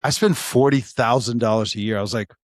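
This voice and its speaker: A man's voice: mid-range voice, a little fast, no echo. Man in his forties, podcast chat, swears freely, acts out each voice in his stories, dry close sound. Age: 40s. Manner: animated storyteller, acts out quoted dialogue, swears freely. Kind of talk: casual chat.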